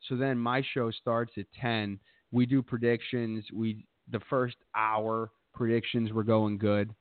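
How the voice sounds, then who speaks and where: Man, podcast host, rambling profane storytelling, low voice, narrow lo-fi sound. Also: flat delivery, measured pace, no echo. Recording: tinny phone-like dry sound.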